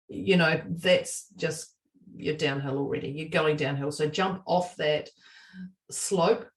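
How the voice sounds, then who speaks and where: A woman co-hosting a casual podcast chat, a lively storyteller who laughs often and acts out the lines she quotes. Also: on the low side, roomy sound, distant mic. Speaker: podcast co-host.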